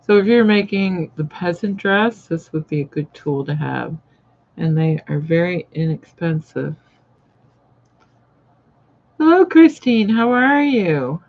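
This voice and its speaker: A woman's voice: low-pitched, unhurried, vocal fry. A woman hosting a casual live sewing chat, rambling and greeting viewers by name as she works. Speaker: sewing channel host. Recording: dull lo-fi live-stream audio.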